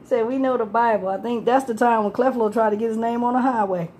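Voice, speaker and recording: A woman's voice: a little high, steady tone, fast, mellow. A woman, talking casually about her life on the street, rambling, laughing often and swearing freely. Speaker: homeless person telling her story.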